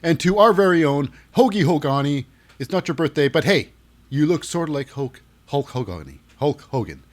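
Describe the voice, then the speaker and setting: A man's voice: fairly high pitch, lively intonation, normal speed. Rambling wrestling recap guy. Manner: jokey, rambling, lots of fillers. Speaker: wrestling show reviewer. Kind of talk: casual recap commentary.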